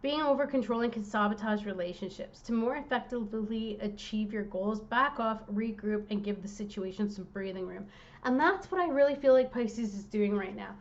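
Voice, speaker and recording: A woman's voice: medium pitch, moderate pace, lo-fi sound. A woman tarot reader talking straight to her viewers, worked up and direct as she gives a reading.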